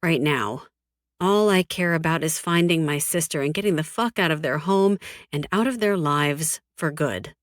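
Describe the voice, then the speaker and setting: Low-voiced woman reading a dark romance. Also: normal speed, no echo, studio quality. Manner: cold, flat, defiant, with frequent swearing. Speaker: audiobook narrator. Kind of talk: first-person audiobook narration.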